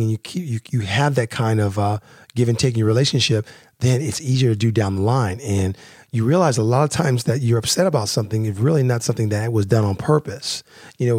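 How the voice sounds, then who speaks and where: A man's voice: medium pitch, a little mellow, dry recording, clean studio sound. A man hosting a casual talk on relationships, speaking in a rambling, conversational way with lots of fillers and restarts. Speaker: podcast host.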